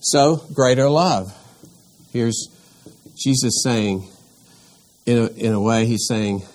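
Slow, deliberate man teaching a Bible class. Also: medium pitch, darkish tone. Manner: slow and deliberate, with frequent pauses and restarts; reads scripture aloud, then poses questions to the class. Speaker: Sunday school teacher.

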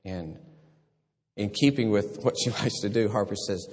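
An older man preaches in a lowish voice at normal speed, telling stories, acting out voices and laughing. The sermon echoes with long hall reverb.

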